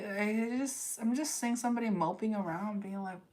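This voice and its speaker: A woman's voice: medium pitch, normal speed, darkish tone. A woman giving a live-streamed tarot reading, talking straight to her viewers, repeating phrases and checking in with "okay?". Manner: addresses viewers directly, repeats phrases, ends points with "okay?". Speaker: tarot reader.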